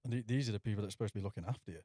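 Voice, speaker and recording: A male podcast host chipping in quickly during a casual chat. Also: on the low side, dark tone, no room sound, studio quality.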